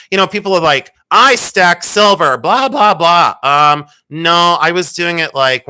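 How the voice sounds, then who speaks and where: A middle-aged woman hosting a live sale stream in a playful, rambling way. Her voice is bright and forward, and she pokes fun at herself. She talks casually to her viewers. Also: a bass voice, clean tone. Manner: chatty, self-mocking, playful. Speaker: livestream jewelry sale host. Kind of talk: casual livestream chat.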